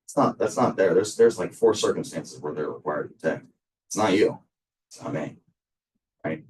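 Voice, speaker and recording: A low-pitched man talks a class through a lecture in a loose, rambling way, full of ums and restarts. He sits some way back from the mic. The result is a casual, unpolished classroom recording. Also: lively intonation, moderate pace, recorded from a distance. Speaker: instructor.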